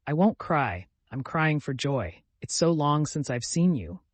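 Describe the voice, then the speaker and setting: A man reading the lines of a tender, tearful young mother in an audiobook, speaking softly and with feeling. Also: on the high side, big pitch swings, a little slow, no room sound.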